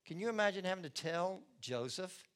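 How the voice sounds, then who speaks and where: A middle-aged male pastor delivers a sermon with a slightly high, expressive voice, telling stories and acting out the scenes as he goes. His delivery is lively, with rising and falling emphasis. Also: normal speed. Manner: expressive, storytelling, acts out scenes. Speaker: lead pastor.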